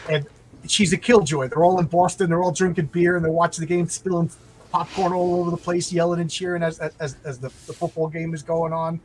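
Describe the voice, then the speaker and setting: A man in casual chat, retelling a TV show in a rambling, animated way, full of restarts and quoted lines. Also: a little high, brisk, low-quality recording. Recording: faint background noise.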